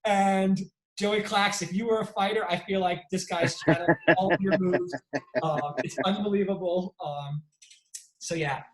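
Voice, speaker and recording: A man hosting a casual sports debate, telling stories with lively energy and frequent restarts. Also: sits high, moderate pace, reverberant, a crowd in the background, low-quality recording. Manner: animated storyteller, frequent restarts. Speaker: sports debate show host.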